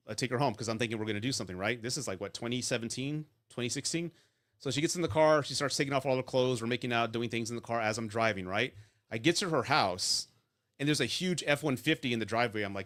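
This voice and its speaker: A man's voice: mid-range voice, fast talker, a bit bright. A man hosting a live advice stream about divorce and dating, talking bluntly and casually, telling stories and checking in with "right?". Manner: blunt, profane, storytelling with lots of "right?".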